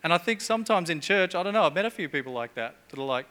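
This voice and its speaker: A man's voice: high voice, expressive, fast talker, few pauses, sharp tone. A middle-aged man preaching a sermon in a church, chatty and jokey, with humorous asides.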